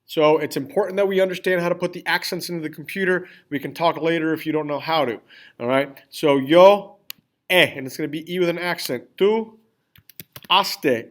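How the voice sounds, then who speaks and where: A man teaching a class, explaining grammar step by step, spelling out endings and checking in often with the students. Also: on the high side. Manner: repeats "all right?" and checks in with students. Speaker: Spanish teacher. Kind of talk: classroom lesson with screen typing.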